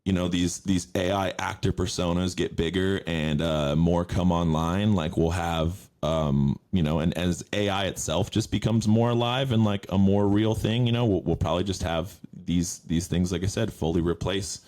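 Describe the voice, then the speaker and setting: A man's voice: deep voice, steady tone, normal speed, hardly any pauses, a little mellow. A man hosting a podcast in casual, rambling, profane chat full of fillers. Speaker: podcast host.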